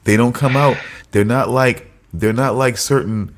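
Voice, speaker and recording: A man's voice: mid-range voice, unhurried. A man co-hosting a casual podcast chat, laughing a lot and mock-scolding a friend with teasing banter. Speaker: podcast co-host.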